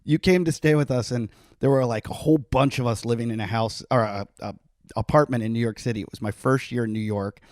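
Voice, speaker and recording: A middle-aged man hosting a podcast, telling a story in a casual, animated way and laughing often. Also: medium pitch, fairly quick, no echo, studio quality. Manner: animated, laughing, acts out quotes. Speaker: podcast host.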